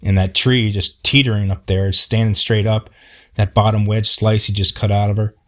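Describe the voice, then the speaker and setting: Low-voiced folksy storyteller man. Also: level tone, normal speed. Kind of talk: personal storytelling.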